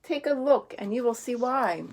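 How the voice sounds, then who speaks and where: A woman reading aloud as a gloomy male fish who pouts, in a slow, mopey sing-song. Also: fairly high pitch, lively intonation, slight background noise.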